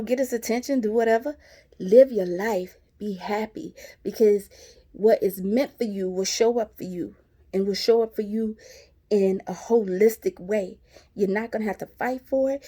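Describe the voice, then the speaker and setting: A woman's voice: mid-range voice, warm tone. A woman, casually telling her viewers a story, chatty and laughing as she talks. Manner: chatty, laughing, addresses viewers as y'all and sis. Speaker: vlogger.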